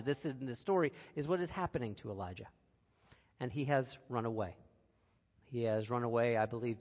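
A man's voice: medium pitch, gravelly. A man giving a conversational sermon, earnest and personal, with wry asides. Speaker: speaker giving a reflective talk. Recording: dull recording with long hall reverb.

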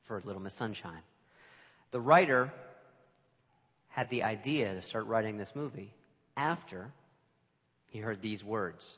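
A man preaching a sermon to a congregation in a relaxed, conversational and self-deprecating way, with emphatic moments. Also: mid-range voice, in a large hall, muffled recording. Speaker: pastor. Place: church sanctuary.

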